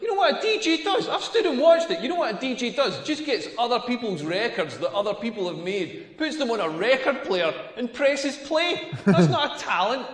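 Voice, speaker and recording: An actor playing a cocky stand-up comedian with a Scottish accent, delivering a sardonic, punchy set. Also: male voice, extremely high pitch, big pitch swings, normal speed, hardly any pauses, a bit bright, heavily acted. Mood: ranting. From Scotland. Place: comedy club stage. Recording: echoey hall with long reverb.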